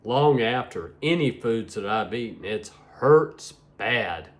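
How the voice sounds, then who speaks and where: Sleepy middle-aged male vlogger, rambling, slow talker with a lively, swooping pitch. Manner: rambling, repeats "like I said". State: sleepy, yawning. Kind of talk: casual vlog talk to viewers.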